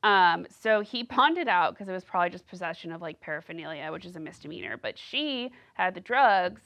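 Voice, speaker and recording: Podcast host lady rambling gossip, lots of likes, vocal fry all over. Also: on the low side, lively intonation, a little fast, fairly bright tone. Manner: gossipy, rambling, heavy use of "like". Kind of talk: casual solo podcast chat.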